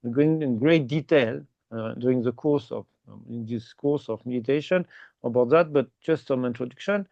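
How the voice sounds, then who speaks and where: A man teaching meditation in slow, simple English with small grammar slips, checking in often with "okay?". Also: mid-range voice, gravelly, a little mellow, no echo, lo-fi sound. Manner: explains slowly and repeatedly, ending phrases with "okay?". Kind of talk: guided meditation instruction.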